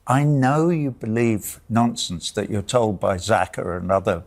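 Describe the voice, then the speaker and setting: A man's voice: on the low side, expressive, unhurried. An older man arguing heatedly as a guest, insistent and talking over interruptions. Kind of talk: heated debate.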